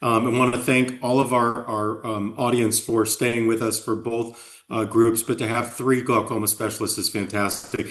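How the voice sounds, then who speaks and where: A man's voice: mid-range voice, little pitch movement, normal speed. A man from the sponsoring company closing a webinar, speaking politely and steadily with some fillers. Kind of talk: formal closing remarks.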